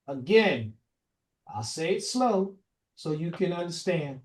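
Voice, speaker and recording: A man hosting a podcast, wrapping up a casual discussion with emphatic, deliberate statements. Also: a little high, sing-song, darkish tone. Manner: emphatic, deliberate when making a point. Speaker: podcast host.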